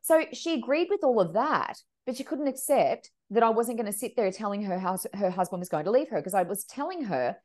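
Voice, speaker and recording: A woman working as a medium, telling stories as a podcast guest in a lively, expressive way and acting out the voices she quotes. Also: medium pitch, fairly quick, hardly any pauses. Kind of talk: animated storytelling chat.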